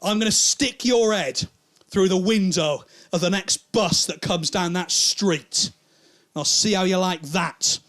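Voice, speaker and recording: An arrogant, drunk upper-class young man, pompous and indignant, his voice pitched a little high and running in loops as he repeats himself, as a comedian puts him on. He sounds entitled and sure of his own class. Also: flat delivery, normal speed, hardly any pauses, natural voice. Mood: threatening.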